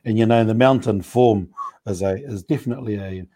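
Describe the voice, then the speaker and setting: A man talking in a relaxed, thoughtful way during a casual discussion, pausing often with fillers. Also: on the low side. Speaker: panel speaker.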